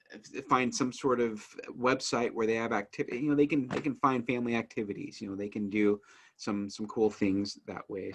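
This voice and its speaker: A man who teaches family life, talking casually to the camera in an earnest, eager way while working to keep his pace slow and calm. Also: lowish voice, husky. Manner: earnest, eager, works at speaking slowly and calmly; frequent fillers and restarts as energy rises. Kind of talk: casual instructional talk to camera.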